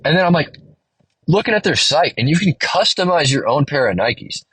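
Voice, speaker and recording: A man's voice: fairly high pitch, very animated, moderate pace, a bit bright, husky, rough recording. A young man hosting a solo podcast, rambling through a profane, slangy story with lots of animation. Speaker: podcast host. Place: in a car.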